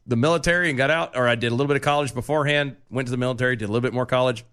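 A man's voice: mid-range voice, racing, a bit bright, clean tone. A man co-hosting a podcast, chatting casually with wry, dry teasing. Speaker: podcast co-host. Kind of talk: casual chat.

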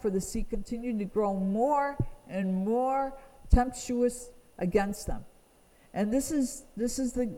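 A woman's voice: fairly high pitch, darkish tone, in a large hall, low-quality recording. A woman teaching from the Bible, reading verses aloud and explaining them earnestly. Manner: reads scripture aloud, then explains it earnestly.

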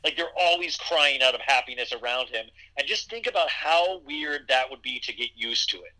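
A man's voice: mid-range voice, lively intonation, normal speed, sharp tone, low-quality recording. A man hosting a podcast, chatting casually and rambling with lots of fillers and restarts. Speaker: podcast host. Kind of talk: casual chat.

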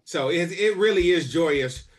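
A man's voice: a little high, animated, unhurried. A man co-hosting a podcast, telling fond family memories in casual chat, laughing and singing snatches of song. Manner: fond, sings bits of songs, laughing. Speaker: podcast co-host.

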